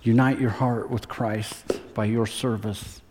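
A man preaching a sermon as a pastor, telling a story earnestly and dropping to a softer, slower voice for emphasis. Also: fairly low pitch, flat delivery, long reverb tail, noisy background.

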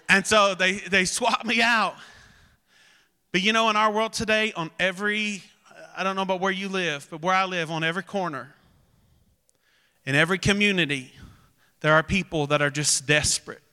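A man with a high, very bright voice preaches a sermon to his congregation. He moves from chatty storytelling to loud, emphatic exhortation, and his words ring out with a long reverb through a large church hall. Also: moderate pace, clear, resonant tone. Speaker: pastor.

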